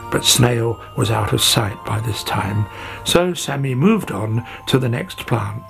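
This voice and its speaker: A man reading a children's story aloud in a slow, expressive way. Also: medium pitch, vocal fry, music in the background.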